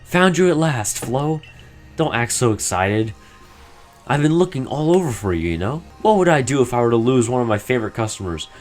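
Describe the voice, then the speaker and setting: A man voicing a friendly, smooth-talking young merchant, reading game dialogue aloud in a chatty, ingratiating way. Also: mid-range voice, sing-song, brisk, darkish tone, faint music behind, lightly acted.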